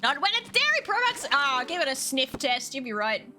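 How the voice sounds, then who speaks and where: A woman streaming a game live, chatting with her viewers, excitable, swearing freely and breaking into squeals. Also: high-pitched, fairly quick. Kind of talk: live gameplay commentary. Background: game music.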